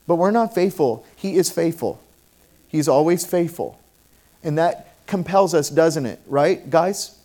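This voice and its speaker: A middle-aged male pastor delivering a sermon in a fairly high voice. He moves from soft, confiding passages to loud, emphatic declarations. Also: lively intonation, a little slow. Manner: impassioned, swings from quiet to loud emphatic.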